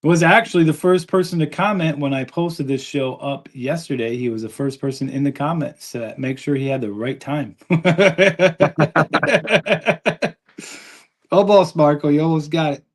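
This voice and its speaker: A man's voice: a little high, measured pace. A man hosting a live sports podcast, chatty and upbeat as he reads viewer comments aloud. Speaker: podcast host.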